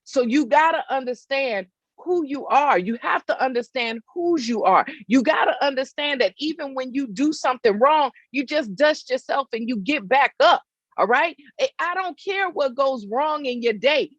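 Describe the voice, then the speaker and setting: A woman's voice: high-pitched, animated, moderate pace, dry recording, lo-fi sound. A woman giving a faith-based motivational talk outdoors, emphatic and repetitive, often checking in with her listeners. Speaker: motivational speaker. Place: outdoors in hot weather.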